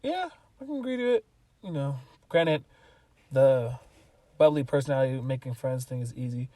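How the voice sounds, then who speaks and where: A man's voice: medium pitch, normal speed, no echo, distant mic. A young man co-hosting a podcast, chatting casually and joking from inside a car. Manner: animated, joking, laughs often. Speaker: podcast co-host. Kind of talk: casual chat.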